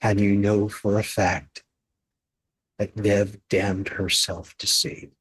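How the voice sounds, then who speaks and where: A man running a tabletop horror game as game master, narrating in a slow, measured, grim way. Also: on the low side, level tone, husky.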